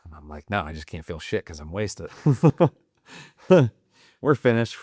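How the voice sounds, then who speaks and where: A man's voice: sits low, lively intonation, a little slow, darkish tone, dry recording, studio quality. A young man telling rambling, profane anecdotes in casual podcast talk, laughing often. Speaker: podcast guest, Marine veteran. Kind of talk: casual storytelling.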